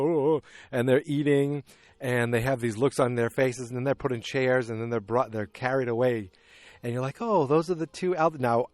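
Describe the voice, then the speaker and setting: Man podcast host, animated recap that acts out scenes, mid-pitched, dry close sound. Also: dry recording. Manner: animated storytelling, acting out scenes. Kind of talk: casual movie recap.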